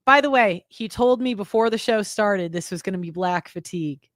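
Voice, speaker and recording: A woman hosting a commentary show, talking in an emphatic, exasperated way with halting restarts. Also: mid-range voice, dry recording, studio quality. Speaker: commentary host reacting to clips. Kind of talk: casual reaction commentary.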